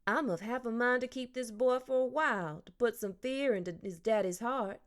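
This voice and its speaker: A woman's voice: fairly high pitch, moderate pace, voice pushed up, natural voice. A woman reading an audiobook, voicing a caring, motherly woman who fusses over a child and scolds her father. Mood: indignant. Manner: warm, scolding. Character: motherly middle-aged woman, caring, fussy.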